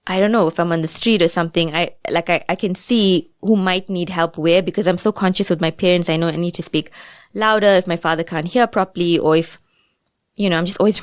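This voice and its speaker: A woman's voice: fairly low pitch, dry recording, studio quality. A woman with a South African accent, a guest author talking through her thoughts in a chatty, reflective way. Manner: reflective, chatty, many asides. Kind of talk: casual podcast interview.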